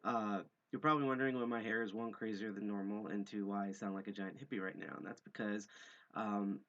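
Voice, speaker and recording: A man with a low, mellow voice hosts a casual livestream, rambling through announcements with plenty of fillers. He pokes fun at himself as he goes. The sound is dull and lo-fi, like a home stream feed. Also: fairly even intonation, fairly quick. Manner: rambling, many fillers, self-deprecating. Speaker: livestream host and hacker group co-founder.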